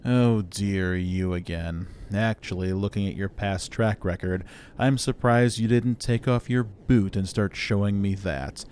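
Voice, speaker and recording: A man voicing a smug male android who talks down to humans in a slow, drawn-out, patronizing manner. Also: fairly low pitch, darkish tone, slight background noise, close to an everyday voice. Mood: condescending.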